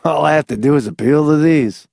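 A man's voice: fairly high pitch, brisk, vocal fry, a little mellow, dry recording, studio quality, voice pushed up. A male narrator voicing a smug, cocky man who talks in a breezy, mocking way. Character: smug, cocky man loaded with lucky charms.

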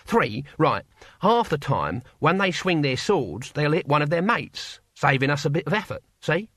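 A man's voice: a little high, sing-song, moderate pace, fairly bright tone, no room sound, studio quality. A man voicing a cheerful, shrewd old barbarian leader who talks in a folksy way. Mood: hearty. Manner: hearty, folksy.

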